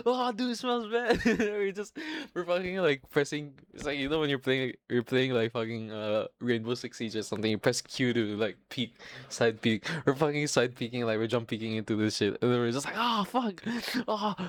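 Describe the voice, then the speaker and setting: A man's voice: mid-range voice, no room sound. Casting note: young male podcast host, casual storyteller, swears a lot, laughs through his lines, restarts often, dry close mic. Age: young adult.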